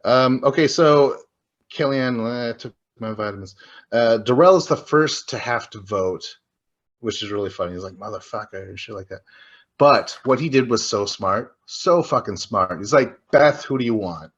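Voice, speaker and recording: A man's voice: medium pitch, expressive, moderate pace, muffled recording. Profane rambling man on a podcast. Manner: profane, rambling, acts out quotes. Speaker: podcast co-host. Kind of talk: casual recap chat.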